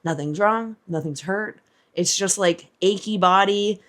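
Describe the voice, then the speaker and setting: A woman vlogger in the middle of marathon training, speaking candidly and casually, with plenty of "like". She sounds worn out from a hard run as she films herself outdoors, at a middling pitch. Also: moderate pace. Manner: candid and chatty, full of "like". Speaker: running vlogger. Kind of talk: casual vlog chat. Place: outdoors, filming while running.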